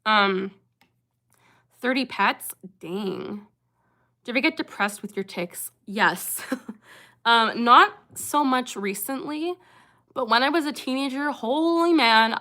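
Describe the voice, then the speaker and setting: A woman's voice: medium pitch, sharp tone. A young woman hosting a casual livestream, chatting earnestly with viewers and breaking off with sudden vocal tics. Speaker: livestream host answering chat.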